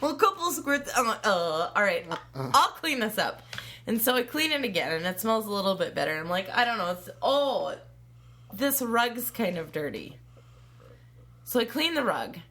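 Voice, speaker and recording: A woman telling an animated, giggly story as a guest in a casual podcast chat. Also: medium pitch, normal speed.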